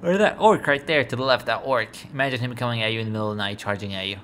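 Talking very fast in a mid-range voice, a yawning, sleepy gamer gives rambling commentary on a strategy game. He stumbles over his words and talks at the screen, recorded with steady background noise.

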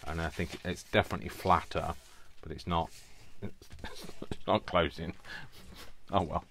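A man's voice: low-pitched, steady tone, measured pace, a bit bright, slight background noise. A man hosting a crafting video, chatting casually at his table in a rambling, self-mocking way and laughing often. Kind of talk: casual chat while crafting.

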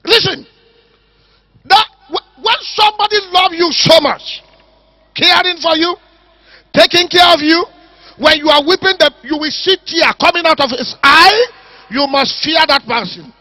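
A pastor delivers a fiery sermon to a church crowd. His voice sits very high and piercingly bright, and he speaks slowly, shouting and drawing out repeated words for emphasis. The sound is close and completely dry. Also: dry recording. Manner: shouting, emphatic, drawn-out repetitions. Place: church service.

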